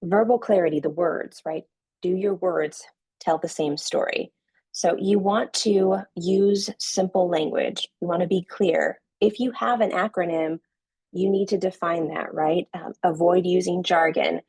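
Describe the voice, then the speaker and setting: Female online instructor, husky tone, lecture delivery with frequent check-ins. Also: lowish voice, fairly even intonation, unhurried, a little mellow, no echo, poor audio. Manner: coaching, checks in with "right?". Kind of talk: virtual class lecture.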